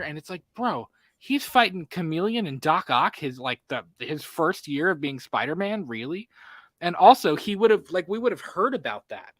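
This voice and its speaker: Bright, dry-voiced man chatting movies. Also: a little high, no room sound. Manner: animated, filler-heavy, quick asides. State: has the hiccups. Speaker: podcast co-host. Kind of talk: casual movie podcast chat.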